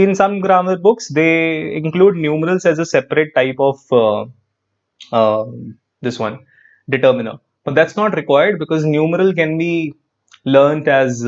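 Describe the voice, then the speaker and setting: A man with an Indian English accent teaching an online grammar class, lively and repetitive, quizzing his students as he goes. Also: fairly high pitch, normal speed, highs cut off. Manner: lively, repeats phrases, quizzes students, frequent "perfect".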